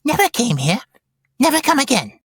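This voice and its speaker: A man's voice: very high-pitched, huge pitch swings, moderate pace, a bit bright, slightly rough, dry recording, studio quality, pitched above the performer's own voice, full character voice. A man voicing a wretched, cringing creature in a read-aloud passage, whining and pleading. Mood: pleading whimper.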